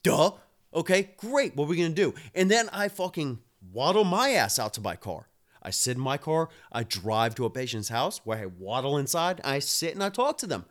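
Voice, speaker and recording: A man's voice: on the high side, a bit bright. Man ranting profanely on a live stream. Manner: profane, fired-up ranting, talks to viewers. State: drinking beer.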